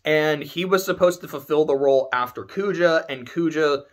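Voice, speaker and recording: Animated, profane man ranting about a game. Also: a little high, normal speed. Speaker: video game reviewer. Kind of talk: casual rant.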